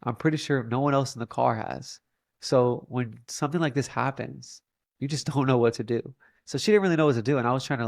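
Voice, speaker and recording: A man's voice: medium pitch, gravelly, no room sound, studio quality. A young man telling a personal story in a casual, earnest way, often saying "like" as a filler. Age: young adult. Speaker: podcast guest.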